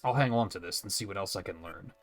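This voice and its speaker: A man's voice: low-pitched, quick pace, fairly bright tone, faint music behind. A man reading as a wistful exiled clan survivor. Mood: reflective. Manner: reads the game text aloud plainly. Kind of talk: reading game dialogue aloud.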